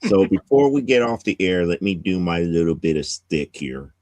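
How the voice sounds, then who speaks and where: A man's voice: low-pitched, big pitch swings, normal speed, a little mellow, no room sound. A man hosting a casual comics podcast, giving a rambling plot recap with many restarts. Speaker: podcast host.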